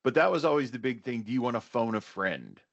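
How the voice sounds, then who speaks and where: A man's voice: medium pitch, expressive, fast talker, vocal fry, no echo, dull audio. A man hosting a webinar conversation, speaking earnestly and often restating his points. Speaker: webinar host.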